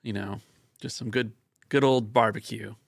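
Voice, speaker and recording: A man's voice: lowish voice, steady tone, moderate pace, gravelly, dry recording, clean studio sound. A man chatting casually as a tabletop game player, joking at his own expense. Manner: self-deprecating, joking.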